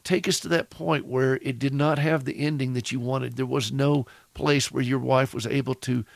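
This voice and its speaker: A man's voice: medium pitch, gravelly, no room sound. A man with a Southern accent hosting a radio talk show, speaking in a reflective, encouraging way at length. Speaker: radio host.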